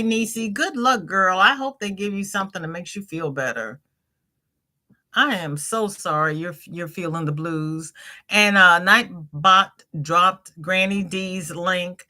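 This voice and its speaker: A woman's voice: lowish voice, bright, forceful tone. A middle-aged woman hosting a crochet livestream, chatting casually, reading viewers' comments aloud and greeting them by name with laughter.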